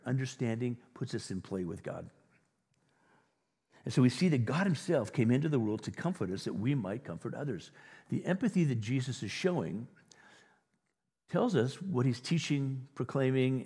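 Husky-voiced male pastor preaching in a hall. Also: medium pitch, expressive, moderate pace, dark tone. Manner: conversational preaching, acting out imagined voices. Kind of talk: sermon.

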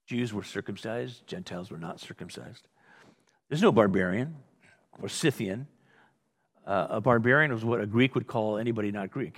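A man's voice: mid-range voice, a little fast, breathy edge. A male pastor preaching a sermon in a conversational way, often restarting phrases and acting out little asides.

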